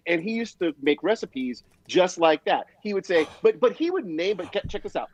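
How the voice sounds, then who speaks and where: Male drummer guest, livestream chat, lively storyteller who slips into voices, higher-pitched. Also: normal speed, highs cut off. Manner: animated storyteller, acts out voices. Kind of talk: casual livestream interview.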